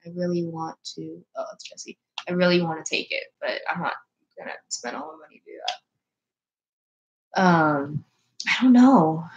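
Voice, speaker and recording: Young woman, casual chat, fairly low voice, chatty and trails off. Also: creaky, dull audio. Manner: chatty, trailing off, quick to laugh. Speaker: co-host of a fan-film channel.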